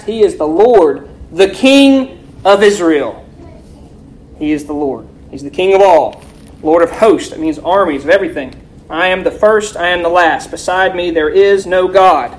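A woman teaching a Bible lesson, reading scripture slowly and forcefully and quizzing her listeners with rhetorical questions. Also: on the low side, expressive, low-quality recording.

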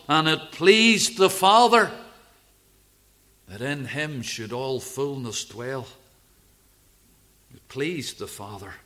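A man preaching a sermon, expounding a Bible passage in a measured way and repeating key phrases for emphasis. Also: mid-range voice, fairly bright tone. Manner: slow, measured Bible exposition with emphatic repetition.

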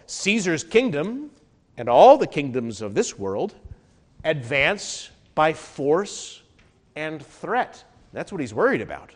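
A man pastor delivering an earnest sermon to his congregation, his pitch and loudness swinging widely as he preaches. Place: warm, crowded church hall. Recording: reverberant hall.

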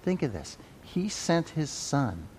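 Man, Sunday school teacher, folksy, repeats himself, slightly high voice, long church reverb. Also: very animated, slow, darkish tone, slight background noise. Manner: folksy, repeats phrases, asks "right?". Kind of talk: conversational Bible teaching.

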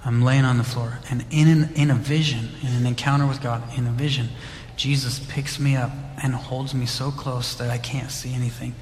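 A male church minister sharing an emotional personal testimony, halting and repetitive. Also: mid-range voice, level tone, darkish tone. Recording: roomy hall with faint noise.

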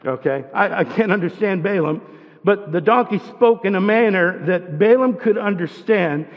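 A man's voice: high voice, normal speed, in a large hall, highs cut off. A man giving a conversational sermon, often restarting his sentences and asking his listeners questions. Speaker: preacher.

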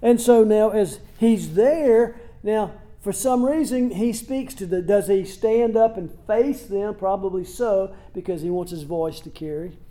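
A pastor delivers an expository sermon at an unhurried, measured pace, his voice pitched fairly high for a man. He talks plainly, asking his listeners rhetorical questions and putting scripture scenes into everyday words. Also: mellow.

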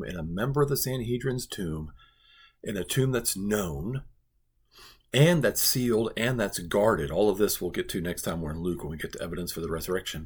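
Husky-voiced man giving a Bible devotional. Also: fairly low pitch. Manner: earnest, emphatic, repeats phrases for stress. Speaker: pastor.

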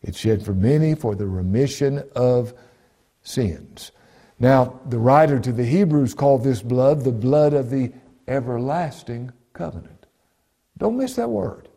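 Dark-voiced man preaching a sermon. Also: medium pitch, animated. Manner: emphatic, repeats key phrases, slows and drops to a hush on scripture. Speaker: pastor. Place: church broadcast.

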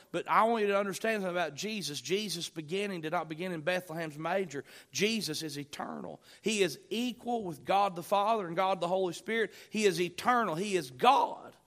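A man's voice: high voice, fairly bright tone. A male pastor preaching a sermon, quoting scripture in old-fashioned wording and repeating lines with swelling emphasis. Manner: quotes scripture in King James wording.

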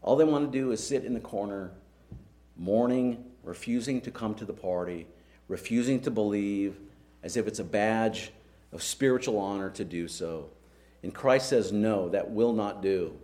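A man's voice: fairly low pitch, normal speed, darkish tone. Earnest, emphatic male preacher. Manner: earnest, emphatic, with rhetorical questions. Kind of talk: sermon.

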